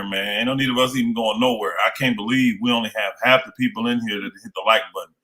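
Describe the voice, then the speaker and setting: A man's voice: lowish voice, fairly even intonation, fast, pushed and bright. A man co-hosting a live sports talk stream, talking casually and emphatically, pressing viewers to like the stream. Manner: emphatic, urges viewers to hit like. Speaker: co-host.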